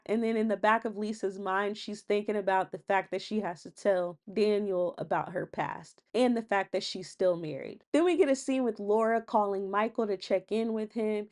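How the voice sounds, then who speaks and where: A woman casually retelling a reality show episode, chatty and quick, leaning on "and she was like" quotes. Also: mid-range voice, darkish tone. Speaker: recap host. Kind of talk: casual reality TV recap narration.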